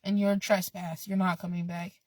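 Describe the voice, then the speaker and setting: A woman's voice: on the low side, level tone, brisk, a little mellow, no room sound. A woman vlogging in a casual, rambling way, laid-back, swearing freely and drifting off on tangents. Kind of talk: casual rambling vlog talk.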